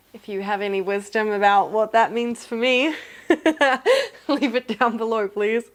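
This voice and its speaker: A young woman from New Zealand talks through a casual unboxing vlog at home. She sits at an ordinary, middle pitch and gushes often, slipping into gasps as she goes. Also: measured pace. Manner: excitable and gushing, with gasps. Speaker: vlogger.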